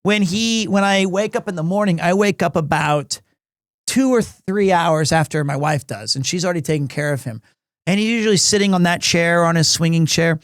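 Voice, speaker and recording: A man's voice: fairly high pitch, normal speed, no room sound, clean studio sound. A man hosting a game livestream, chatting casually in a gushing, rambling way and often repeating his words. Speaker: livestream gamer host. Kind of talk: casual stream chat.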